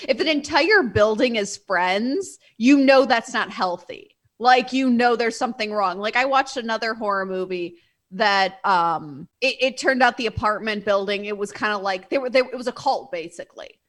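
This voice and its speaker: A woman co-hosting a podcast in casual chat, animated and full of "like" fillers. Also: on the high side, moderate pace. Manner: animated, often acts out quotes, many "like" fillers. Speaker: podcast co-host.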